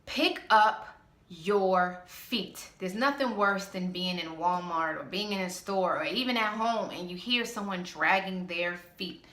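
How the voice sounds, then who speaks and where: Brief: woman vlogger, low-pitched but bright and forceful, blunt and sassy, echoey room. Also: moderate pace, few pauses. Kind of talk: casual ranting monologue.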